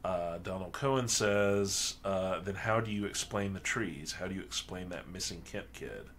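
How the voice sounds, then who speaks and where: A man at a tabletop mystery game, reading in-game statements aloud in a steady, measured way. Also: deep voice, slight background noise.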